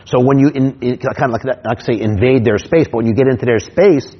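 Husky-voiced stage hypnotist teaching. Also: male voice, mid-range voice, lo-fi sound. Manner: animated, repetitive, quick restarts. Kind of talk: lecture with comic stories.

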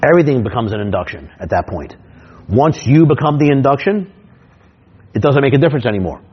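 A man who works as a stage hypnotist teaches his craft and tells comic stories from the stage, animated and full of quick restarts. His voice is somewhat husky at a middle pitch. The recording is dull and lo-fi.

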